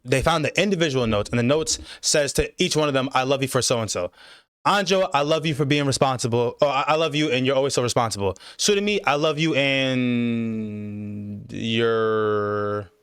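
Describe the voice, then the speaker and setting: A man in casual chat who walks through the story at length, loose and profane. He talks at a middling pitch, close to the mic in a dry space with little room sound. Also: normal speed, fairly bright tone, smooth, no room sound. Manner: retells the plot at length, loose and profane, heavy use of "like". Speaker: anime discussion host.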